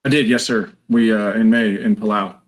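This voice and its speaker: A man's voice: fairly low pitch, fairly even intonation, normal speed, rough recording. A man being interviewed, telling a story in a chatty, anecdotal way. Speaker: guest, retired Marine.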